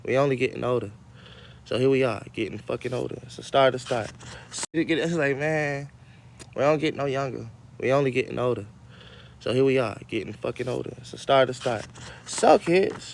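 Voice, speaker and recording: A man's voice: medium pitch, fast talker, vocal fry, a little hiss or hum. A man hosting a casual livestream, rambling and cursing as he talks straight to his viewers. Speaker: livestream host.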